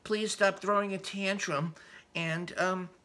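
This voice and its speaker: A man putting on the voice of a meek male politician, talking in a soft, whiny, mocking way. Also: sits high, fairly even intonation, takes it slowly, pitched above the performer's own voice, exaggerated voice. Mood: mock pleading.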